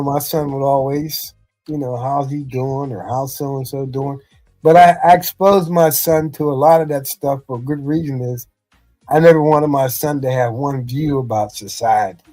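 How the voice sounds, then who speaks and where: A man's voice: on the high side, steady tone, moderate pace, mellow, soft background music. Middle-aged man telling rambling stories. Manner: rambling anecdotes with frequent "you know". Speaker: podcast host, former football coach. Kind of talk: casual storytelling chat.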